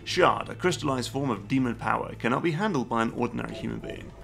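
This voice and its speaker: A man's voice: medium pitch, lively intonation, fast talker, vocal fry, fairly bright tone. A man on a live stream playing a game, reading its on-screen text aloud and dropping joking asides between lines. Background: game music.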